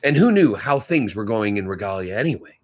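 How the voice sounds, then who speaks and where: A man's voice: lowish voice, big pitch swings, fairly quick. A male teacher reading a novel aloud to his class, stopping now and then to comment on the story.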